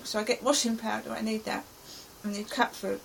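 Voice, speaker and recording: A middle-aged woman from England recounts her stressful day in an anxious, rambling present tense. Her voice is raspy and gravelly and sits slightly high, with a faint hiss in the background. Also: flat delivery, brisk, poor audio. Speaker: vlogger. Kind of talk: personal diary account.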